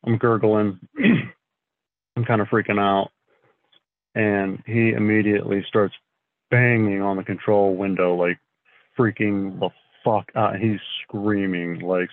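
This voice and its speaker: A man telling his story as a podcast guest, in a halting, casual way, often clearing his throat and filling gaps with fillers. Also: on the low side, fairly even intonation, no room sound. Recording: thin phone-like sound, dry.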